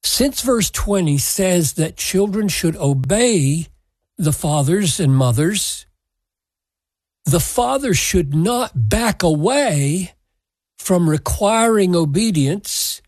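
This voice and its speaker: Slow, husky-voiced man preaching. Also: sits high, animated, darkish tone, dry recording. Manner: slow, earnest, emphatic scripture exposition. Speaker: pastor. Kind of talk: sermon.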